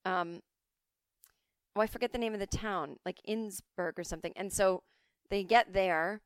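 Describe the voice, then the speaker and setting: Animated woman podcast host, crisp voice. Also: medium pitch, moderate pace, no room sound. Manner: animated storytelling, jumping between quoted voices. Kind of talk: casual monologue. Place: home.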